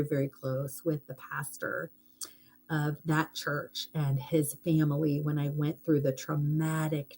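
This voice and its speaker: Low-voiced woman chatting on a live stream. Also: darkish tone, slight background noise. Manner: rambling and heartfelt, thanks viewers for gifts. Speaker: hypnotist hosting a live stream. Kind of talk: casual live-stream chat.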